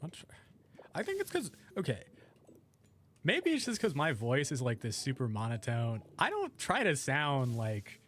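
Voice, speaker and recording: A young adult man streaming a video game, chatting casually with viewers and thinking aloud in a relaxed, rambling way. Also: mid-range voice, measured pace, slight background noise. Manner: laid-back, rambling, thinks aloud while playing. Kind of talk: casual gameplay chat with viewers.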